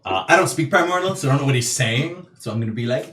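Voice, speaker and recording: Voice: quick pace, few pauses, roomy sound, far from the mic. A player at a tabletop game, joking and laughing often. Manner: playful, laughing, very lively pitch.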